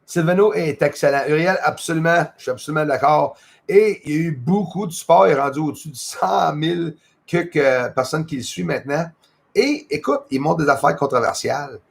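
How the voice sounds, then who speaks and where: Gravelly-voiced man hosting a casual livestream. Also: a little high, fast. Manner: rambling, friendly, greets viewers by name. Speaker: livestream host. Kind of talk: casual chat reading out viewer comments.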